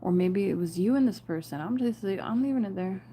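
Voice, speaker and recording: This woman reads tarot for viewers in a chatty, laugh-filled way, saying "you guys" and "y'all." Her medium-pitched voice is animated and mellow, going a little fast, over a little hiss or hum.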